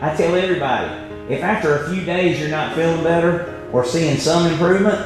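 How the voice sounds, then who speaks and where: Presenting a motivational health webinar, a man with a fairly high voice speaks fairly quickly, telling stories emphatically and tagging his points with "right?". The room is very echoey, with faint music in the background.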